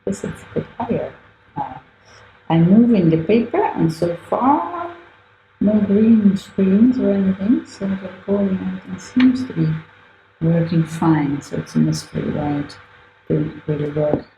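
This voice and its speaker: A woman's voice: lowish voice, unhurried, gravelly, mellow. A woman artist chatting casually while she draws, thinking aloud, correcting herself and laughing often. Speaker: artist live-streaming a drawing session. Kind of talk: casual chat while drawing. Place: art gallery. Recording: echoey room with faint ambient noise.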